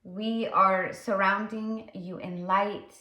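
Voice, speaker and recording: A woman voicing a serene, motherly ancient goddess in an imitated African-French accent, speaking slowly and softly. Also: mid-range voice, fairly even intonation. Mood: soothing. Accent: mix of African and French, imitated. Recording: roomy echo.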